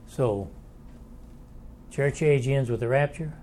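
A man's voice: medium pitch, slow, dark tone, slight background noise. A man teaching a Bible study lecture in a folksy, conversational way, thinking aloud and inviting questions from the class.

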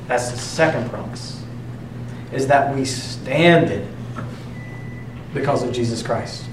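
A man preaching a sermon in a conversational way, mixing joking asides with slow, emphatic lines. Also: on the high side, slight background noise. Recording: roomy echo, distant mic, faint ambience.

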